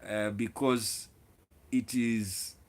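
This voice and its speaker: A man's voice: on the low side, steady tone, extremely slow. A man hosting his own video, lecturing viewers directly in an opinionated monologue, with repeated words and restarts. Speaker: video host.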